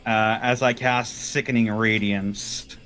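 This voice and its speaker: A man's voice: on the low side, fairly even intonation, slow pace, a bit bright. A man playing a character in a tabletop game, casually declaring his actions and dice rolls. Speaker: player.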